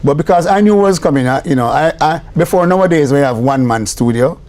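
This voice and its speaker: An older Jamaican man with a fairly high speaking voice tells stories as a guest on a talk show. He speaks as a record producer, animated and anecdotal, sliding between patois and English. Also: quick pace. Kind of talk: storytelling interview talk.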